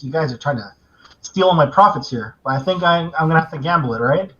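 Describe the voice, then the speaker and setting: Male tabletop player, hesitant, thinks out loud, dull lo-fi mic. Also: on the high side, animated, quick pace, husky. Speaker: game player. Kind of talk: casual play talk.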